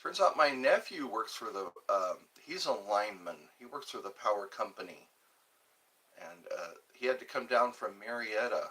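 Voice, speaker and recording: In a casual livestream, a man from Georgia, USA, rambles, reads chat messages out loud, and chuckles to himself. His fairly low voice is expressive and husky, with a sharp tone at a normal speed.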